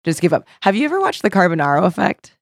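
A woman's voice: fairly low pitch, sing-song, quick pace, gravelly, dry recording, clean studio sound. A woman co-hosting a casual podcast chat, telling rambling stories with plenty of swearing and laughter. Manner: rambling storyteller, swears freely, laughs often. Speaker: podcast co-host.

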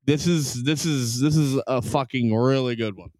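A man co-hosting a podcast trades casual banter, teasing and arguing while swearing heavily. His voice is medium-pitched and darkish in tone, delivered at a normal speed on a dry recording.

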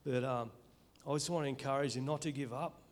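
A middle-aged Australian man giving an earnest, emotional spoken testimony in church, halting and restarting as he speaks. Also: medium pitch, fairly even intonation, a little hiss or hum.

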